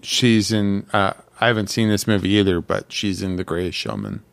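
A man co-hosting a casual chat, joking in an unhurried way. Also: low voice, very animated, gravelly, clear, resonant tone, no room sound. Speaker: podcast co-host.

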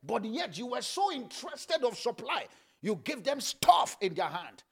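A middle-aged man preaching a sermon in a very high, bright voice that crackles with gravel and a husky edge. He preaches fervently, lifts into sung chanting and prays in tongues. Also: sing-song, unhurried. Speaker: pastor. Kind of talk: sermon with prayer.

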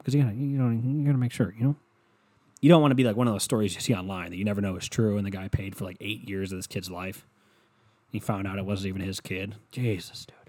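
A man's voice: fairly low pitch, dark tone. A man delivering a rambling, profane comedic rant that swings into mockery.

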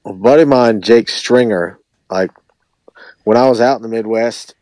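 A man, a musician guest on a podcast, chatting casually in a relaxed, rambling way with lots of hedging. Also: mid-range voice, moderate pace, no room sound. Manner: relaxed, rambling, hedges a lot. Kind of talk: casual chat.

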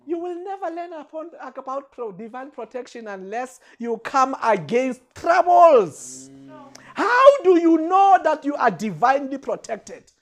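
A man's voice: very high-pitched, very animated, a little slow. A man preaching a sermon to a congregation, impassioned and emphatic, repeating his phrases and speaking straight to the room. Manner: addresses the congregation directly.

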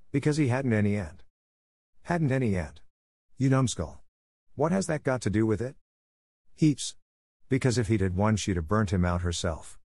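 A man voicing a mischievous young boy who is quick with innocent-sounding excuses. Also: fairly low pitch, darkish tone, dry recording, clean studio sound.

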